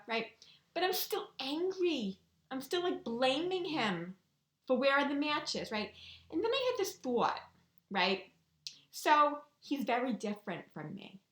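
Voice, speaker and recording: A woman's voice: fairly high pitch, a bit bright, roomy sound. A woman vlogger telling a personal story in a casual, chatty way, often checking in with the listener. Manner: chatty, keeps checking in with "right?" and "you know".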